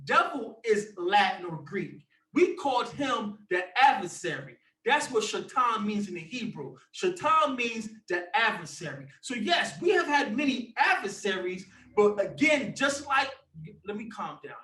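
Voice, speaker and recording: A man leading a religious discussion, preaching forcefully and breaking into shouts. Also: high voice, sing-song, normal speed, echoey room, far from the mic. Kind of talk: fiery preaching.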